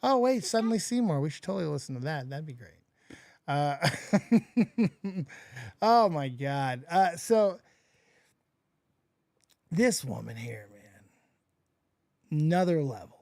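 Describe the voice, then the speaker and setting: A man's voice: a little high, sing-song, takes it slowly, gravelly, pauses often, darkish tone, no room sound, studio quality. A man hosting a casual, crude and mocking reaction commentary. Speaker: host.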